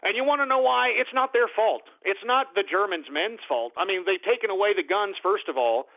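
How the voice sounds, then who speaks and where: A man's voice: high-pitched, expressive, moderate pace, creaky. A man hosting a talk radio show, ranting angrily and profanely and asking "all right?" over and over. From United States. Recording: tinny phone-like radio audio.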